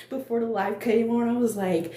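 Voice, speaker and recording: A woman's voice: fairly high pitch, fairly even intonation, moderate pace, warm tone. Chatty woman on an echoey live stream. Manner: chatty and earnest, laughs often, repeats herself. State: emotional, close to tears. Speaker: small cosmetics business owner hosting a live stream. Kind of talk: casual live-stream chat. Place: indoor room, makeup workspace. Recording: echoey room with faint background noise.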